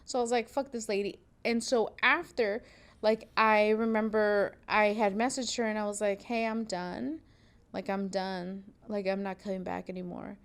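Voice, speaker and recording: A woman's voice: medium pitch, steady tone, normal speed. A young woman hosting a podcast from a sewing studio, telling a story in a casual, profane way and acting out what people said. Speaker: podcast host, seamstress.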